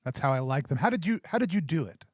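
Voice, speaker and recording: A man's voice: fairly high pitch, sing-song, fast talker, no echo. A man playing a character in a tabletop game, talking playfully with frequent ums and uhs. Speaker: player.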